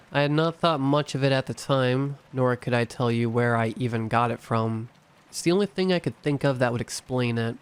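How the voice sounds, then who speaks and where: A man narrating a horror story in a steady, measured reading. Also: medium pitch, smooth.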